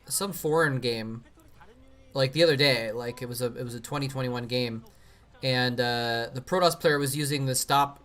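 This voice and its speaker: A man chats loosely over a replay on his live stream, circling his points with fillers and restarts. His voice sits at an ordinary middle pitch. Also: moderate pace, a bit bright. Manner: rambling, with many fillers and restarts. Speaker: streamer watching and commenting on old game matches. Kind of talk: casual live-stream commentary.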